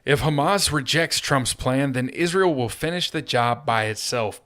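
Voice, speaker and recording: A man's voice: mid-range voice, a bit bright. A man hosting a solo political commentary show, talking in a sarcastic, mocking way. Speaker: host.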